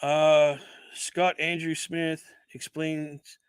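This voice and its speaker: A man's voice: on the high side, little pitch movement, very slow, smooth, no echo. A man hosting a casual livestream, chatting as he unboxes, rambling, correcting himself and swearing casually into a desk microphone. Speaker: livestream host.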